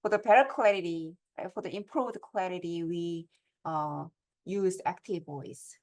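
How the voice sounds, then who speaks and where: A woman's voice: fairly low pitch, unhurried, darkish tone. A middle-aged woman gives a step-by-step lecture on academic writing and keeps checking in with her audience through questions.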